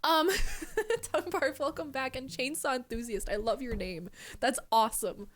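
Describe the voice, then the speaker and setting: A young woman in her twenties streaming live, excitedly thanking donors, swearing and fighting back tears. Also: high-pitched, normal speed. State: close to tears. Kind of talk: casual live-stream chat.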